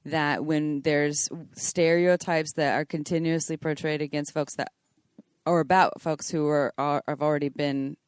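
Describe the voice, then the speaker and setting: A woman's voice: sits low, little pitch movement, unhurried, clear, resonant tone, no echo. A woman co-hosting a podcast, speaking thoughtfully in casual chat and laughing easily. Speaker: podcast co-host.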